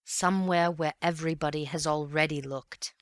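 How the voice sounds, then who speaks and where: A woman voicing a calm, thoughtful gentleman detective who speaks in a grave, measured, earnest way. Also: low voice, dry recording, clean studio sound, close to an everyday voice.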